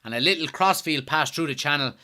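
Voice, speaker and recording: An Irish man with a slightly high, bright and forceful voice hosts a live football watchalong. He talks casually, reading out viewer comments one by one and answering them in a chatty, easygoing way. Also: a little fast. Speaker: host of a football watchalong stream. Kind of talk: casual live-stream chat and match commentary. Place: at home.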